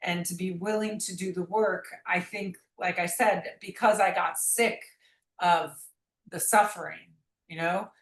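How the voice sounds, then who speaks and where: A woman's voice: fairly low pitch, steady tone, a little slow, reverberant, rough recording. A woman guest talking about her memoir in an earnest, rambling way, often restarting her sentences. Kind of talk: reflective conversational interview.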